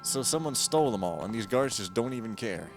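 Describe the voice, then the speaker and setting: A man talks through a stealth game on a close mic, cracking jokes and rambling between loud bursts and low mutters. His voice sits at an ordinary mid pitch, with faint game music underneath. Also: animated, brisk. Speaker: gaming streamer. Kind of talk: casual let's-play commentary. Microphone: close desk mic.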